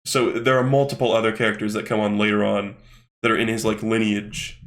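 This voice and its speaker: A fairly low-pitched young man, speaking a little fast with flat delivery, hosts a loose commentary as he flips through a manga. He curses often and wanders off topic, full of fillers.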